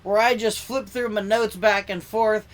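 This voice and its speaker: A man's voice: high-pitched, steady tone, measured pace. A young man doing a rambling stand-up set at an online open mic, heard over a video call, with many restarts. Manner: rambling, self-interrupting, lots of "like"; acts out quoted voices, shouting and whispering. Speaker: stand-up comedian.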